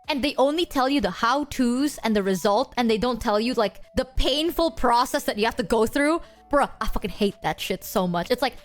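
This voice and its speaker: A woman's voice: fairly high pitch, expressive, normal speed, hardly any pauses, soft background music. A young adult woman streamer talking candidly to her chat, swearing freely and joking at her own expense. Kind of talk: casual livestream chat.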